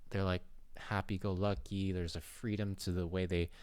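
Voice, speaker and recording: A man's voice: deep voice, level tone, normal speed, darkish tone, clear, resonant tone, dry recording. A young man hosting his own channel, rambling playfully to camera in casual chat and swearing now and then. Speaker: YouTube channel host. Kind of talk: casual vlog talk to camera.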